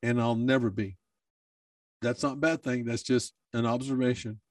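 A man's voice: mid-range voice, fairly even intonation, moderate pace, no room sound, recorded from a distance. A man who is a bodybuilder, talking in a candid personal monologue, emotional and swearing freely.

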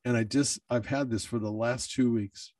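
A man's voice: mid-range voice, fairly even intonation, moderate pace, darkish tone, no room sound, far from the mic. A man who is a bodybuilder, talking in a candid personal monologue, emotional and swearing freely.

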